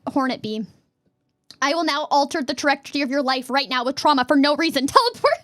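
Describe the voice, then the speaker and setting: A woman streamer chatting casually and reading questions aloud, giggly and playful, sometimes bursting into a yell. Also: sits high, fairly even intonation, quick pace, no room sound.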